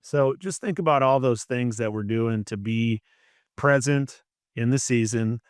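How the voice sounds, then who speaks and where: A man's voice: medium pitch, measured pace, clear, resonant tone, dry recording, studio quality. A man, co-hosting a casual faith-based chat and rambling with frequent "you know" fillers. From Minnesota. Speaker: podcast co-host.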